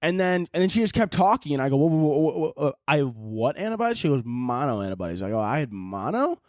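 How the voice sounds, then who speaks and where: Dude in his 20s ranting on his podcast, cusses a lot, yells then drops to mumbling, dry mic. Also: on the high side, big pitch swings, quick pace, dry recording. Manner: loud, profane, swings from yelling to mumbling. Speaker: podcast host. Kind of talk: casual comedic rant.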